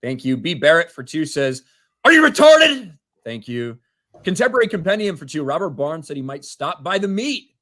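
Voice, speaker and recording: Man, 30s, livestream co-host, reading donations, a bit high-pitched. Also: expressive, moderate pace, a bit bright. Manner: reads names and messages, laughs often. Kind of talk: casual livestream banter.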